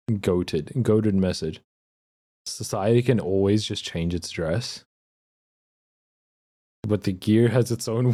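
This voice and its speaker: A young Australian man reads and answers viewer messages on a live stream, chatting loosely in a rambling, laughing way. His voice is lowish with a dark tone.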